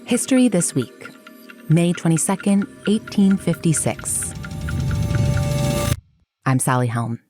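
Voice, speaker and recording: A woman hosting a podcast, telling history as scripted narration in a measured storytelling manner with dramatic pauses. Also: on the low side, big pitch swings, over music. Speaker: podcast host.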